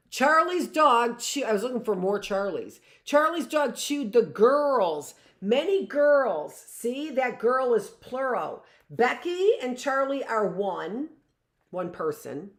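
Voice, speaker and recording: A middle-aged woman teacher giving a live reading lesson to young children, slow and emphatic, repeating key phrases and checking in with "right?". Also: on the high side, roomy sound.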